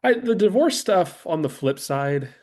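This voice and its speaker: A man in a casual film podcast chat, animated, acting out movie lines and swearing casually. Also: sits high, unhurried. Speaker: podcast co-host.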